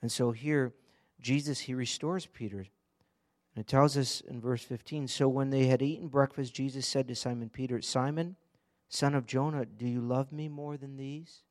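A man's voice: medium pitch, fairly even intonation, normal speed. A man preaching an earnest, conversational sermon, often asking the congregation direct questions. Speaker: pastor.

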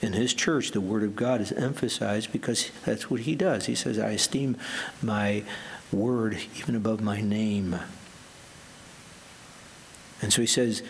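A male pastor preaches in a low, gravelly voice. His delivery is earnest and emphatic, and he slows right down when he quotes scripture. A faint hiss runs under the recording. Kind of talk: sermon.

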